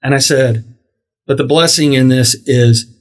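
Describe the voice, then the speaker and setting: At a measured pace and in a mid-range voice, a middle-aged podcast host relates a long, casual tale. He brings it to life by voicing the dialogue of the people involved.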